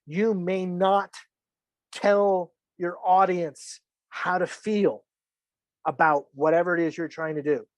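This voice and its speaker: Speaking slowly in a high, level voice, a filmmaking instructor gives a casual lesson full of chat and jokes, playing out the reactions he imagines. The recording has no room sound.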